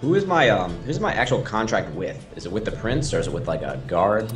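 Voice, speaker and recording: Low-voiced man asking questions at a game table. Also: very animated, fairly quick, faint music behind. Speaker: player. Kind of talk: casual game table talk.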